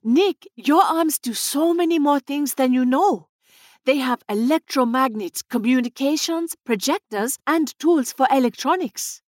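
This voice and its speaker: A woman's voice: sits high, a little slow, no room sound, studio quality, pitched above the performer's own voice. A woman voicing a caring scientist who explains things in a hurry. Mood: urgent.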